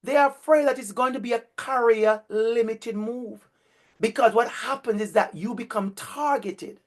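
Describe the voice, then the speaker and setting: A man's voice: very high-pitched, moderate pace. A man with a Jamaican accent giving a university lecture to a cohort of future teachers. He drives points home with emphatic, preacher-like repetition.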